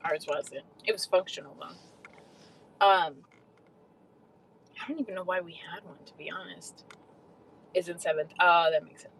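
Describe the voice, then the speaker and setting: A woman's voice: lowish voice, fairly even intonation, unhurried, vocal fry, pauses often, a bit bright, a little hiss or hum, poor audio. A young adult woman casually chatting on a livestream, swearing freely and answering viewers' comments. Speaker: livestream host.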